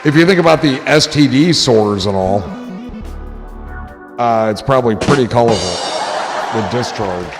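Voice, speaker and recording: A man's voice: mid-range voice, animated, a little slow, pauses often. A man hosting a livestream, chatting in a rambling, profane, joking way that often trails off. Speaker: livestream host. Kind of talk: rambling casual chat. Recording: clear music and crowd noise behind.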